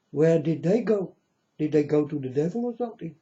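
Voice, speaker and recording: A man's voice: a little high, expressive, a little fast, dark tone. A man hosting his own channel, delivering a blunt, scornful, preachy ranting monologue. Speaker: channel host. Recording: dull lo-fi recording.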